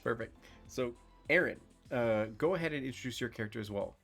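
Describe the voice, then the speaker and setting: A man's voice: mid-range voice, a little fast, gravelly, faint music behind. Laid-back man running a tabletop game. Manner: relaxed, filler-heavy talk. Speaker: game master. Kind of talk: narrating a live-streamed tabletop game.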